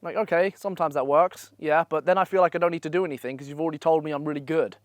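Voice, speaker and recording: A man's voice: a little high, steady tone, rapid-fire, dry recording, studio quality. Blunt, profane young man. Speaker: online business coach. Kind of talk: casual motivational vlog talk. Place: holiday villa in Greece.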